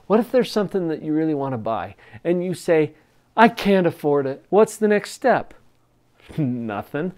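A man coaching teens in a motivational talk to camera, energetic and emphatic, getting loud on key phrases. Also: sits high. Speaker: parenting coach.

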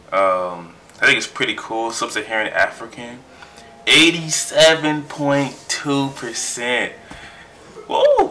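A young man in his twenties, chatting excitedly in a casual vlog and trailing off as he reads his results aloud. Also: lowish voice. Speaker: vlogger.

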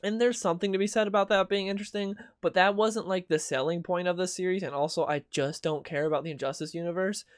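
A man's voice: high voice, steady tone, quick pace, few pauses, no room sound, clean studio sound. A young man hosting a comic book video, ranting casually and sarcastically with mocking quoted voices. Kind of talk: casual opinion commentary.

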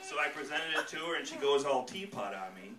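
A male stand-up comedian doing a set on a comedy club stage, animated and jumping into loud character voices, with audience laughter behind him. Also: mid-range voice, brisk, heavy background noise. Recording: roomy live club sound from a distance.

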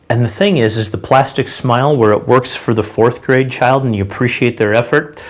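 A man's voice: medium pitch, a little fast. Man demonstrating gestures as he teaches. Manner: demonstrating gestures while explaining, conversational and direct. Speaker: sales and body language trainer. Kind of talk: instructional talk to camera.

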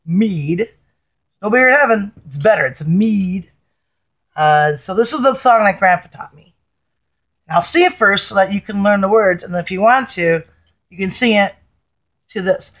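A woman's voice: mid-range voice, expressive, normal speed, pauses often. A middle-aged woman chatting and singing in a casual home video, jokey and rambling, breaking into a bluesy half-sung delivery. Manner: jokey, rambling, self-deprecating. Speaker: amateur singer-songwriter.

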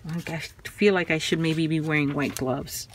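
A woman's voice: sits low, fairly even intonation, moderate pace, a little hiss or hum. A woman showing fragile old magazines in a casual vlog, exclaiming in awe and handling them carefully. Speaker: vintage craft vlogger. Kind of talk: casual show-and-tell.

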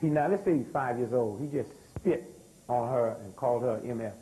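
A man's voice: medium pitch, fairly quick, warm tone, slight background noise, rough recording. An older man, lecturing a live audience, throwing rhetorical questions and asking for responses. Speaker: speaker.

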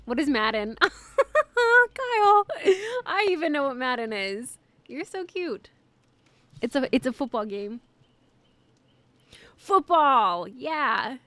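A woman's voice: fairly high pitch, lively intonation, slow pace, long pauses, a bit bright, dry recording. A young woman streaming a game live, chatting with viewers, giggling often and shrieking and swearing when startled.

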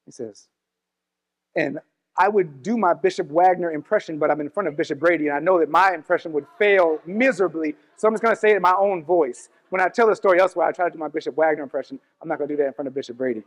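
A man preaching a sermon as a church elder, sharing personal testimony, moving between quick asides and slow emphatic lines. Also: on the high side. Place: church sanctuary. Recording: church hall with long reverb.

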